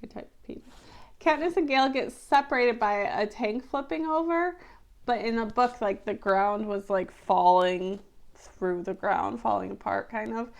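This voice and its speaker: A woman vlogger giving casual, animated commentary on a film adaptation, chatty and often exasperated, with lots of fillers. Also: medium pitch, a little slow, gravelly. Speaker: book-to-movie review vlogger.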